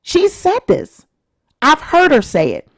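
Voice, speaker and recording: A woman's voice: high-pitched, wildly swooping pitch, slow. A woman hosting her own vlog, giving chatty, opinionated commentary straight to her viewers. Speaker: vlog host. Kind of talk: casual celebrity-news commentary.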